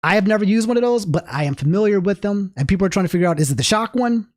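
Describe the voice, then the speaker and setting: Speaking very fast in a high voice, a man livestreams and chats casually with his audience. He rambles, keeps restarting his sentences, and throws animated asides to chat throughout this casual stream commentary.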